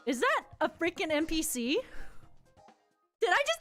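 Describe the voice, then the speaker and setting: High, lively woman streamer. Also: soft background music. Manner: chatty, excitable, quick to laugh and shout while gaming. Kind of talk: casual live-stream chat while gaming.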